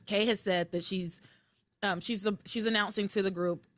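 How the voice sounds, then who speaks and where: A woman co-hosting a podcast, recapping episodes in animated casual chat and acting out quoted lines. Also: mid-range voice, moderate pace, dry recording. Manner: animated, recounting with quoted voices. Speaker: podcast co-host.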